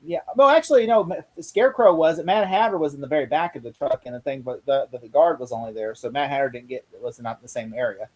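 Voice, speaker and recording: A man co-hosting a casual chat about a TV episode, rambling and excitable with many restarts. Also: a little high, fast talker, few pauses, poor audio. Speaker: podcast co-host. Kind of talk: casual show review chat.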